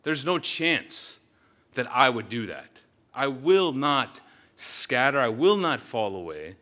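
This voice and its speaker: A man's voice: mid-range voice, sing-song, slow, sharp tone, exaggerated voice. A man voicing an emphatic, boastful disciple in a sermon. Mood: insistent. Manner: emphatic, insistent. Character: brash emphatic male disciple, adult, boastful.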